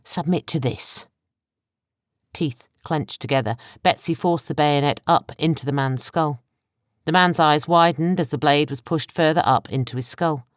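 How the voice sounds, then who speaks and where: Woman narrating an audiobook, low and dry. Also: moderate pace, no echo. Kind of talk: scripted narration.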